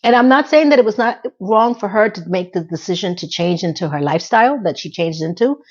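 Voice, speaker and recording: A woman's voice: medium pitch, expressive, fairly quick, lo-fi sound. A middle-aged woman hosting a casual TV recap, talking in a candid, chatty and blunt way. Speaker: TV recap host.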